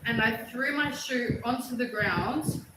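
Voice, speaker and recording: A middle-aged woman from Australia, telling stories in a casual livestream chat, animated and prone to loud excited bursts. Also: a little high, a little slow. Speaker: livestream host. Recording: echoey room with loud noise.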